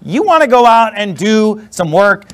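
An unhurried pastor with a high-sitting, sing-song voice delivers his sermon in church. He's blunt and emphatic, adds sarcastic asides, and the congregation responds to him.

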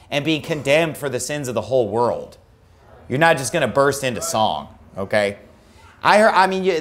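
Male preacher, high voice, emphatic and argumentative, sermon to a congregation. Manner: emphatic, argumentative, often mocking opposing views. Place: church.

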